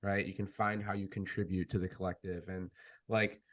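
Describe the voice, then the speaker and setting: A man's voice: deep voice, flat delivery, moderate pace. A man hosting a podcast in casual conversation, asking thoughtful, searching questions with many fillers. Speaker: podcast host.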